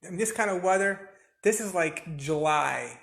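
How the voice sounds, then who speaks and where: A man's voice: high-pitched, lively intonation, normal speed, creaky, a bit bright. A man filming a casual live stream on his phone while it rains, talking in a rambling, chatty way and often correcting himself. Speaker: vlogger. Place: outdoors under a balcony in rain.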